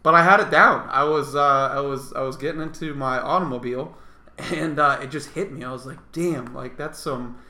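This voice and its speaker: A man's voice: medium pitch, brisk, bright, forceful tone, reverberant. A man co-hosting a podcast in casual chat, rambling and joking and swearing freely. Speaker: podcast co-host.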